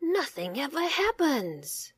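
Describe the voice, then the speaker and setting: A woman voicing a bored, mischievous young shepherd boy, shouting high calls for help in a storybook reading. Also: huge pitch swings, slow, exaggerated voice.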